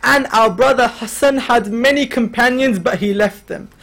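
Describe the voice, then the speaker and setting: Male preacher, high tenor, dramatic storytelling sermon. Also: normal speed, gravelly, a bit bright. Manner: storytelling, quoting figures with rising emotional intensity. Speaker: religious speaker. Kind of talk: mourning sermon narration. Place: lecture hall.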